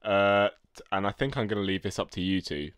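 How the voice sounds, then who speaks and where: A man, a podcast co-host reading listener comments in relaxed casual chat with many fillers. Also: lowish voice, brisk, clear, resonant tone, no room sound. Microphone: close podcast mic.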